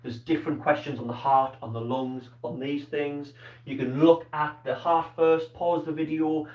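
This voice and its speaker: A man's voice: on the high side, steady tone, moderate pace, a little mellow. A male teacher giving a live online science lesson, asking questions and praising pupils by name. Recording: roomy, distant, dull-toned sound.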